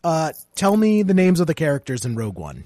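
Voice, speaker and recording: A man's voice: a little high, huge pitch swings, fairly quick, dark tone, dry recording, studio quality. A man co-hosting a podcast in casual chat, emphatic and contrarian, cutting in to press his point. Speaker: podcast co-host.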